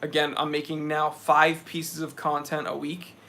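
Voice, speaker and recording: Energetic young man hosting a live stream. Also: a little high, moderate pace. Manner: energetic, reads chat messages aloud. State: sweaty after a hike. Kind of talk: casual live stream chat.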